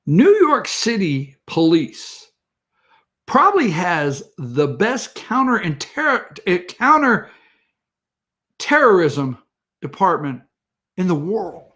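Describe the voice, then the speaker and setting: A man hosts a morning show and delivers heated political opinions in a rambling way, talking straight to his viewers. His voice sits high and jumps all over the place. It has a restless, worked-up energy. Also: big pitch swings, slow, pauses often, fairly bright tone.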